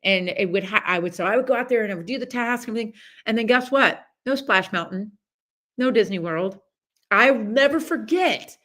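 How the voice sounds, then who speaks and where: A woman hosting a podcast, talking in a casual, chatty motivational monologue with many fillers and lively storytelling. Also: a little high, brisk. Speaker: podcast host.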